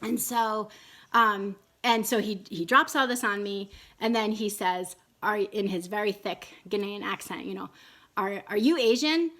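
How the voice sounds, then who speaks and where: A woman's voice: mid-range voice, fairly even intonation, unhurried, sharp tone. A woman in her thirties telling a personal story in a casual, rambling way, with many fillers and restarts. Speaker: vlogger.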